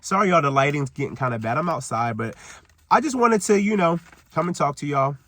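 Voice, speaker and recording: A man's voice: fairly high pitch, expressive, fairly quick, fairly bright tone, dry recording. Rambling man recapping a TV episode. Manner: rambling, heavy on "like" and "you know". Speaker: TV recap vlogger. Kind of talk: casual reality-TV recap rant. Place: outdoors. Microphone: camera he is holding or propping up.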